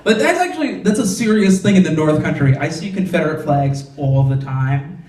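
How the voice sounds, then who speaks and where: A man's voice: fairly high pitch, animated, moderate pace, a little mellow, roomy sound, far from the mic. A young man performing a stand-up comedy set on a club stage, talking conversationally with lots of "like" fillers and punchy punchlines.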